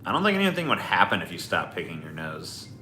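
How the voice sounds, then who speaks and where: Profane, rambling man with a sharp voice. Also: low-pitched, huge pitch swings, fast talker, slight background noise. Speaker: livestream host. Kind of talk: casual stream chat. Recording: echoey room with faint music.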